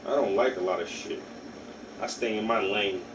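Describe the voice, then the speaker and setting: A man's voice: on the low side, fairly even intonation, normal speed. A man hosting a stream, giving rambling mock painting instructions in a casual, profane way. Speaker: stream host. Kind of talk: joking casual chat. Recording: distant mic with hum behind.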